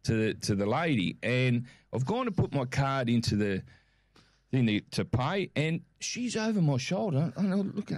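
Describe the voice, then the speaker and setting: A middle-aged Australian man in casual chat as co-host, telling stories with lively acted-out quotes. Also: mid-range voice, normal speed, no room sound, clean studio sound. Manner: animated storyteller, acts out quotes.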